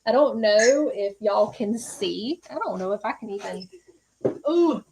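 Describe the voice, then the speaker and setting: A woman's voice: mid-range voice, expressive, measured pace, gravelly, noisy background. A woman hosting a live-stream psychic reading, earnest and reassuring, speaking folksy with many fillers. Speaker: psychic medium host.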